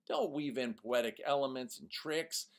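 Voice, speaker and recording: A man teaching a poetry lesson to young students, animated and mock-ironic, reading example lines in a sing-song voice. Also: mid-range voice, moderate pace.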